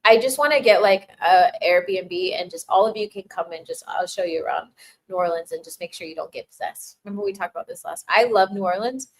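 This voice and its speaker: A woman with a fairly low voice and lively intonation talks briskly while hosting a casual live Q&A. She reads viewers' messages, thanks them warmly, laughs a lot, and fills her speech with restarts and filler words. The audio is poor.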